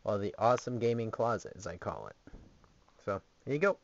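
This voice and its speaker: A man's voice: lowish voice, lively intonation, fairly quick, creaky, slight background noise. Rambling young man with lo-fi audio. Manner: rambling, jokey and sarcastic. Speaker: vlogger. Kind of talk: casual home video tour. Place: small gaming closet indoors.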